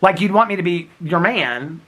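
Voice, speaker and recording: This man, in his fifties, speaks in a high-pitched, expressive voice at a moderate pace with a sharp tone. He's outdoors in cold, snowy weather for a casual daily vlog to camera, giggly and chatty, calling viewers girl and honey.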